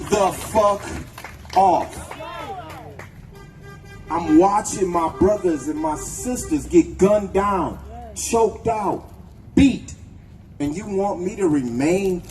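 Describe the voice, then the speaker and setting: At an outdoor protest, a man delivers a raw, profane, angry speech and leads the crowd in chants. His voice sits high and is a little mellow, and the recording is rough.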